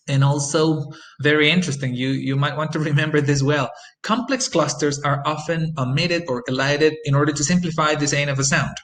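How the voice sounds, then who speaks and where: A man teaching English phonetics in a recorded lesson, explaining sound changes and repeating example phrases slowly, with frequent ums and uhs. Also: on the high side, low-quality recording. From Costa Rica.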